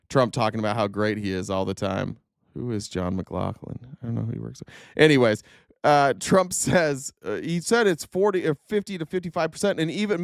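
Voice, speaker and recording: A man's voice: mid-range voice, dry recording, clean studio sound. Blunt, profane male commentator. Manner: rambling with frequent restarts and laughs. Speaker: political commentator. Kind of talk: live-stream commentary.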